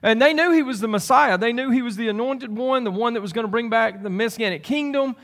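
Pastor, male, high voice; loose conversational sermon delivery with restarts. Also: fast talker, fairly bright tone. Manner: conversational, rambling with restarts and asides.

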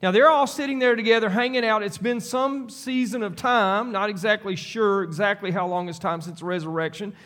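A man's voice: high voice, fairly even intonation, brisk, few pauses, a bit bright. A male pastor preaching a sermon on scripture, emphatic and repetitive, talking directly to the congregation.

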